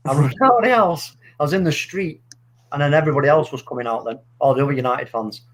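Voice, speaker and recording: A middle-aged man sits on a casual podcast, telling a story with great animation. His voice sits high for a man. He swears freely as he goes. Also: fast. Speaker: podcast co-host. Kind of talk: casual fan chat.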